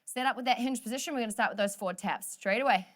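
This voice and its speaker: A fitness instructor leads an energetic workout class, cheering everyone on, joking, and counting down the last seconds of each set. Her voice is a little high and she talks fast.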